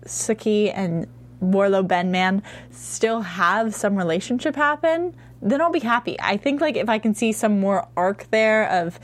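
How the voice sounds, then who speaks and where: Animated fast-talking woman panelist. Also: medium pitch. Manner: animated, talks fast with many "like"s. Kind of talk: casual TV recap chat.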